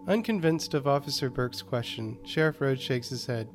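Calm man narrating a horror story. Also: mid-range voice, normal speed, faint music behind. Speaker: podcast host and narrator.

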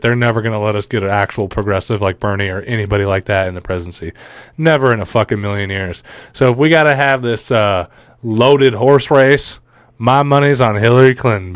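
A man's voice: fairly low pitch, fairly quick, no room sound. Male podcast host, sarcastic and profane, dry close-mic sound. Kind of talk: casual ranting commentary.

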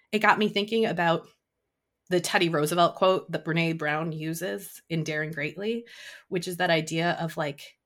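Woman host, 30s, lower pitch; candid solo podcast talk, emotional and laughing. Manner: emotional, confessional, laughs often, gets choked up.

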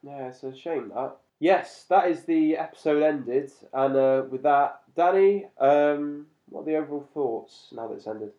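A man's voice: a little high, a little slow, few pauses. A man co-hosting a casual podcast, chatting and laughing often as he reviews a cartoon episode. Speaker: podcast co-host. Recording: slightly muffled lo-fi recording.

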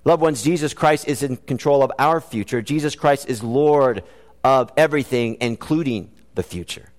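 A man preaching a sermon in a church, earnest and animated, mixing scripture references with joking asides. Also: medium pitch, moderate pace. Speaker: pastor. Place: church sanctuary. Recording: long hall reverb.

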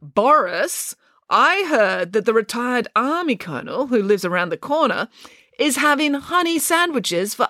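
A woman narrates a children's storybook with wry, playful humour. Her pitch moves in lively swings between phrases. The recording is close and dry, with no room sound. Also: no room sound. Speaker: storyteller, author reading own book.

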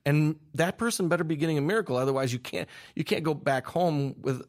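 A young man, a filmmaker guest, telling an animated story with laughs and quick restarts. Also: on the high side. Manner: excitable, laughing, restarts mid-sentence.

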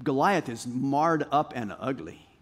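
A male pastor preaching a sermon, reading scripture and retelling it in an animated storytelling way that swings from loud to soft. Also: medium pitch, unhurried.

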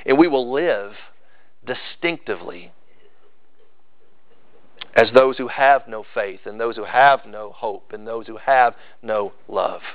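A man's voice: on the low side, slow pace, long pauses, no echo, narrow, tinny audio. A man preaching a sermon as pastor, emphatic and repeating phrases for stress.

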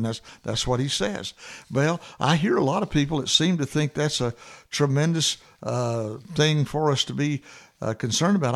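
A man teaching from the Bible in a conversational sermon, earnest, with frequent fillers and restarts, who slows down and lifts his voice to repeat key verses. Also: mid-range voice, gravelly. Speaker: preacher.

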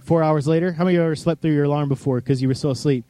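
Animated male preacher, dry close sound. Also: on the high side, rapid-fire, hardly any pauses, no room sound, faint music behind. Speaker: pastor. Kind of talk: sermon.

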